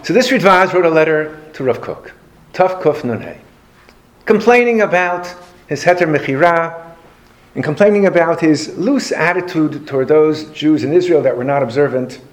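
Guy with a fairly high voice lecturing a crowd, spins anecdotes, dry jokes. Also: normal speed. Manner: animated anecdotal delivery with dry humor. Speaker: lecturer on Jewish history. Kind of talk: storytelling lecture to a live audience.

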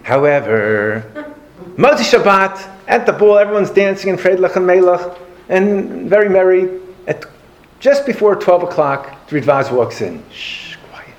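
Guy with a fairly high voice lecturing a crowd, spins anecdotes, dry jokes. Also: measured pace, highs cut off. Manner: animated anecdotal delivery with dry humor. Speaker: lecturer on Jewish history. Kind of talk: storytelling lecture to a live audience.

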